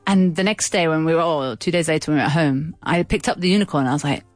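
A woman's voice: deep voice, quick pace, dry recording. A woman radio host chatting casually, telling a long rambling story full of fillers and asides. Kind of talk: casual chat. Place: radio studio.

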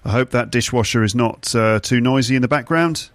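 A man hosting a podcast for learners, talking in a chatty, playful, rambling way from the kitchen area of his flat. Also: medium pitch, fairly quick, dry recording. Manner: chatty, playful, self-commenting. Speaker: podcast host and English teacher. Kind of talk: casual rambling monologue. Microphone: podcast microphone.

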